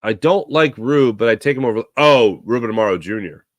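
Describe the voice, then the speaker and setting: A man's voice: mid-range voice, a little fast, dry recording. A man hosting a sports talk show, chatting casually and rambling with jokes while he answers viewer comments. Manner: animated, rambling, jokey.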